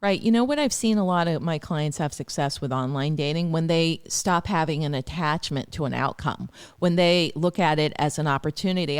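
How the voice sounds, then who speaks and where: A woman astrologer giving dating advice as a podcast guest, chatty and animated, acting out what her clients say. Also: low voice, moderate pace, few pauses, clear, resonant tone. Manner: chatty, acts out clients' words. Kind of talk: podcast interview, advice talk.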